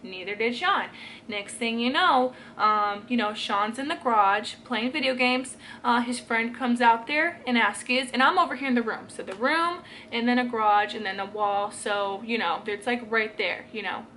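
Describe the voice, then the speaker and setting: A woman's voice: on the high side, moderate pace, sharp tone, a little hiss or hum. A young woman telling a personal story to her own camera in a casual vlog, rambling and emotional, with lots of filler words. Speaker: vlogger. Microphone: camera she films herself with.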